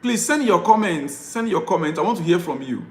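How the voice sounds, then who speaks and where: Man, high voice, exasperated live-stream rant, repetitive pleading, roomy echo. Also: expressive, a little fast, a little mellow. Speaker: football fan vlogger.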